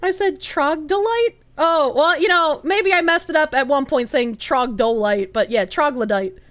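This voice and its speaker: High, lively streamer woman, giggly. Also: moderate pace. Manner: animated, giggly, swears freely, reads chat aloud. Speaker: live streamer. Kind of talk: casual live-stream chat reading viewer comments.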